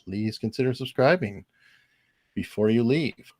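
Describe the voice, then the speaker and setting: A man hosting a casual legal panel over a video call, animated and joking. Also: medium pitch, no room sound, clean studio sound. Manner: animated, laughing, quick asides. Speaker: host.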